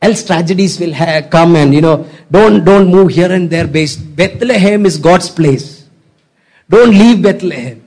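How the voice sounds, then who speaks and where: A man's voice: high voice, measured pace, darkish tone. A man preaching a sermon as a pastor, exhorting and repeating his points and calling on the congregation to respond. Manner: exhorting, repetitive, calls for audience response.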